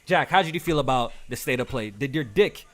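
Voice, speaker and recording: A man's voice: medium pitch, lively intonation, fairly quick, a crowd in the background. A man hosting a casual gaming podcast, reading out viewer comments in a laid-back way. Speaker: podcast host. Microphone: low mic level.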